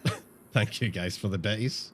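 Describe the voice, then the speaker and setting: Sweary low-voiced male game streamer. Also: moderate pace, over loud music. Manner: sweary, self-mocking, talks to chat. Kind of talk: casual live-stream chat.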